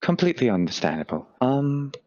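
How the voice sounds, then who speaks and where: A man playing his character in a tabletop game, speaking lively in character. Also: mid-range voice, a little fast, no echo. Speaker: player. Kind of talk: in-character tabletop role-play. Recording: dull dry lo-fi mic.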